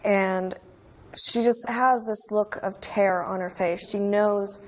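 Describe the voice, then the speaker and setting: A woman in her twenties recalling a terrible childhood event in an interview, speaking in a halting, earnest and quietly intense way. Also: medium pitch, fairly even intonation. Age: 20s. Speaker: crime survivor interviewee. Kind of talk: emotional interview recollection.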